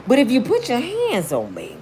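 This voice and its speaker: This vlogger's voice is a little high, with vocal fry, at a normal speed over slight background noise. She tells her story in casual, blunt, slangy commentary, emphatic and animated, shrieking out quotes as she performs them.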